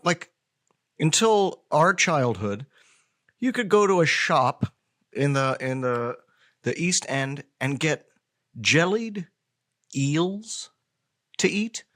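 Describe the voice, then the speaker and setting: American man, middle-aged guest, slightly high voice, animated pitch, playful riffing. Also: takes it slowly, long pauses. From United States. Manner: playful, riffing, frequent laughs and back-channel hums. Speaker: podcast guest, actor and comedian. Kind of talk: casual comedic chat.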